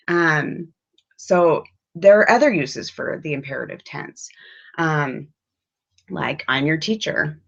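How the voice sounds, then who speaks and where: A woman teaches an English grammar lesson at an unhurried pace, stopping often with ums. Her voice comes through a dull, lo-fi recording. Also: sits low. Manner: slow, patient, with many ums. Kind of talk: classroom lesson.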